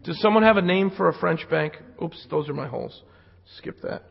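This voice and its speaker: Hoarse man lecturing in a reverberant hall. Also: fairly high pitch, fairly quick. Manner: casual, joking asides to the audience. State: losing his voice from jet lag. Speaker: security conference speaker. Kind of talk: live technical talk with demos. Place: conference hall. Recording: lo-fi hall recording with long reverb.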